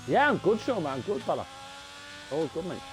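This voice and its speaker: Excitable young race commentator. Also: male voice, on the high side, a little fast, a little hiss or hum, low-quality recording. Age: young adult. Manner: chatty and excitable, talks to viewers as lads. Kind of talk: live sim racing commentary.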